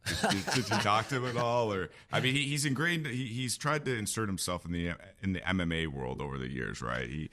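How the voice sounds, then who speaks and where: A man hosting an interview, asking halting, rambling questions with many fillers and easy laughs. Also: on the low side, animated, bright, forceful tone. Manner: halting, many "um" and repeated words, laughs easily. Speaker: podcast host, interviewer.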